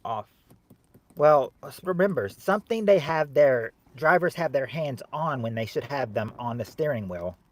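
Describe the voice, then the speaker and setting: A man hosting a game show game on a livestream, joking with viewers in chat and loudly repeating the answers. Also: medium pitch, lively intonation, moderate pace. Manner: jokey and teasing, calls out answers loudly and repeats them. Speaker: livestream host running a family game show game. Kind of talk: casual livestream chat, reading viewers' guesses.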